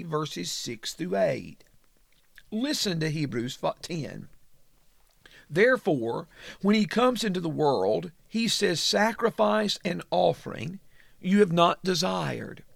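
Man preaching, high lively voice, gravelly edge, slow deliberate delivery, dry close sound. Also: no room sound. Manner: slow, emphatic scripture reading with sweeping pitch. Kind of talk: sermon.

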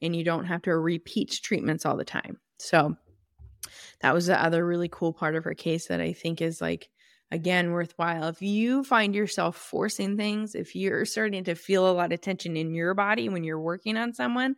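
A woman's voice: lowish voice, fairly even intonation, moderate pace, dry recording, studio quality. A woman hosting her own podcast, explaining clinical work in a casual, emphatic way and correcting herself as she goes. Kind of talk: solo podcast talk.

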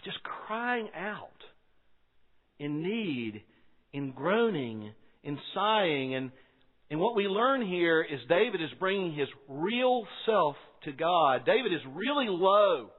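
A man's voice: high-pitched, very animated, slow pace, pauses often. A man preaching a sermon, emphatic, repeating key lines and asking rhetorical questions. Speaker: pastor. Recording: phone-like sound with long hall reverb.

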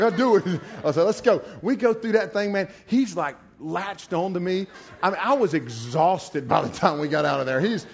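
High-voiced preacher telling stories. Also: male voice. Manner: animated storyteller, laughs often, folksy asides. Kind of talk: sermon with humorous personal stories.

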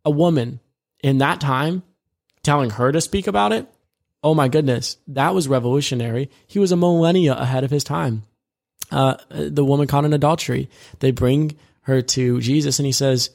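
A co-host of a discipleship podcast, this man discusses faith casually in a medium-pitched, mid-range voice that's a little mellow with a gravelly, creaky edge. Speaking fairly quickly, he rambles, corrects himself, and retells scripture scenes in plain everyday words.

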